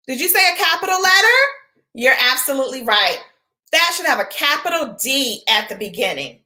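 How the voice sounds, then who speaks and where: A woman's voice: extremely high pitch, sharp tone. A woman teacher giving an online literacy lesson to young children, asking questions and answering them herself in an encouraging way.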